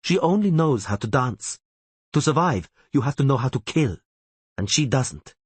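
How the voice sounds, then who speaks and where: A man's voice: medium pitch, animated, moderate pace, slightly rough, dry recording, pitched above the performer's own voice. A man voicing a hard, contemptuous female elf outlaw with a clipped, scornful way of talking.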